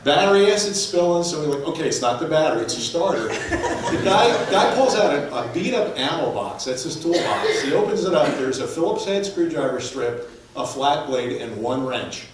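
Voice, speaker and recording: A man, a mission team member, telling lively stories at a church presentation. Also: fairly high pitch, moderate pace, a crowd in the background. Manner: animated anecdotes with laughter. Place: church hall, recorded from afar. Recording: echoey hall from far off.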